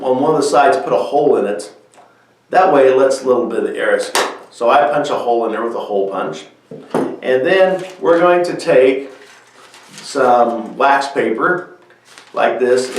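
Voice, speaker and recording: A man's voice: medium pitch, distant mic, slight background noise. Man explaining a craft in echoey room. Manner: friendly step-by-step explaining with fillers. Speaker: children's music show host. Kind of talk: craft demonstration for kids.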